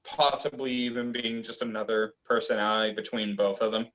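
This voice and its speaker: A young man co-hosting a casual review chat, rambling and halting with lots of fillers. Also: lowish voice, steady tone, a bit bright, low-quality recording. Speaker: manga review co-host.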